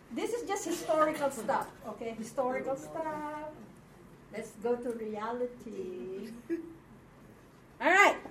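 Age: unknown. Style: slow-paced woman teacher in an echoey classroom. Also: on the high side, a little mellow. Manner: slow, patient, checks understanding often. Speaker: Hebrew teacher. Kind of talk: classroom lecture. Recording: echoey room from far off, faint noise.

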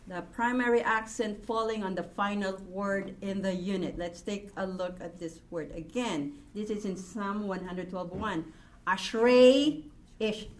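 Woman, Hebrew teacher, patient step-by-step explaining, slow pace. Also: medium pitch. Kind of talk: classroom lesson.

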